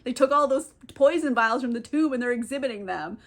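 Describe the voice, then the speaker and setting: A woman with a fairly high voice recaps a novel in a casual, sarcastic way. She is chatty and drops in curses and laughs as she talks. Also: animated, brisk, fairly bright tone. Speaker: book reviewer.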